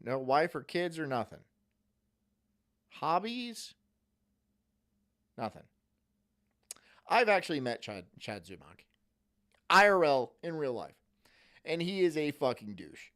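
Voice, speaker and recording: A man's voice: a little high, big pitch swings, slow, long pauses, a bit bright. A man streaming, chatting casually in profane, rambling rants. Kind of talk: casual chat.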